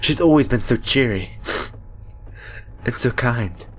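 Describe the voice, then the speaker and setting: A man's voice: mid-range voice, expressive, slow, a bit bright, slight background noise. Young man dramatically reading a game. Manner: dramatic reading with joking asides. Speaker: gaming YouTuber. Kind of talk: reading a visual novel aloud with commentary.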